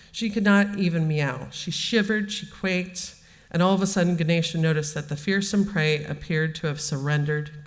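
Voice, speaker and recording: Woman reading a children's story aloud. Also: deep voice. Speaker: religious education director. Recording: long hall reverb.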